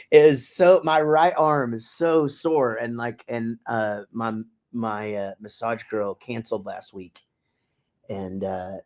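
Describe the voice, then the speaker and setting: A middle-aged man co-hosting a podcast in casual chat, rambling loosely and swearing now and then. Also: mid-range voice. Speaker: podcast co-host.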